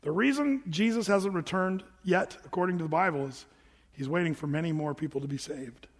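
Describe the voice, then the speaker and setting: Male pastor, high pitch, lively conversational sermon delivery, reverberant church hall. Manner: animated, conversational preaching with rhetorical asides. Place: church sanctuary.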